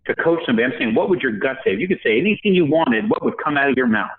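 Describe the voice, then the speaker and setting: A man shares a personal story in a podcast interview, acting out the voices of the people he quotes. His voice comes through a thin, tinny phone line. His pitch sits in the middle range. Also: lively intonation, rapid-fire. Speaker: podcast guest. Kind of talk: storytelling in a conversation.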